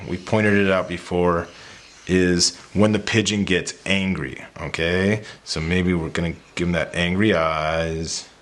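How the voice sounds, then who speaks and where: A teacher talking children through a reading and drawing lesson, patient and step by step, with playful demonstrations. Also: male voice, low voice, fairly bright tone.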